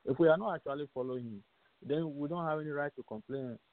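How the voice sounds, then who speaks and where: A man's voice: on the high side, quick pace, no room sound. A man hosting a radio show, preaching emphatically, repeating phrases and asking rhetorical questions. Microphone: phone call-in line. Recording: tinny, dry phone line.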